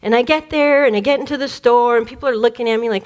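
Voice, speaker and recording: This woman, a spiritual speaker from the Detroit area, USA, speaks at a quick pace in a voice on the high side. Her personal childhood story comes out animated, full of frequent laughter and acted-out voices.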